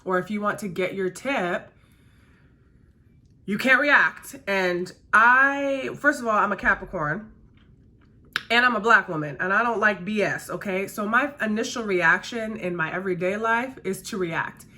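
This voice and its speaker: Bright-voiced woman chatting emphatically. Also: mid-range voice, unhurried. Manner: emphatic, repeats key phrases. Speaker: restaurant server and vlogger. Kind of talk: casual chat during a makeup routine.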